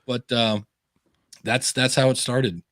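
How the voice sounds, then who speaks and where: A man's voice: mid-range voice, takes it slowly, no echo, clean studio sound. Chatty man acting out his stories. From Ohio. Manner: animated storyteller acting out quoted voices. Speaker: podcasting guest. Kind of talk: casual interview storytelling. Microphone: video call.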